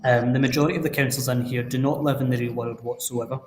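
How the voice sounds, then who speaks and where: A man with a Scottish accent, a city councillor speaking forcefully and with indignation in a political talk-show discussion. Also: mid-range voice, steady tone, fast, slight background noise. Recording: roomy echo.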